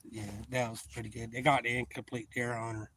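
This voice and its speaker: A man's voice: medium pitch, level tone, fairly quick, a bit bright, slight background noise. A man, casually retelling a funny story on his livestream in a rambling way. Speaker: livestream host.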